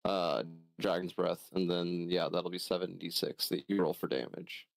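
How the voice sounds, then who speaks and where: A deep-voiced man chatting as a player in a tabletop game, explaining rules and swearing now and then. His voice is dry and close, with no room sound. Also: steady tone, normal speed, vocal fry, dry recording. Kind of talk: casual tabletop game chat.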